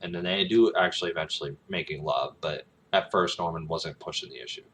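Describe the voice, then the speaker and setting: A man's voice: low-pitched, a little fast, a bit bright, slight background noise. A man casually retelling a film scene, rambling with many ums and restarts. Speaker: aspiring actor, vlogger.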